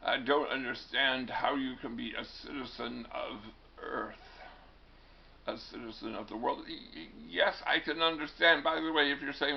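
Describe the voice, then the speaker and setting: Gravelly, stammering male lecturer. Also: medium pitch, fairly even intonation, normal speed, lo-fi sound, a little hiss or hum. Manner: wry, digressive, frequent stammered restarts. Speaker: teacher. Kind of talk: classroom lecture.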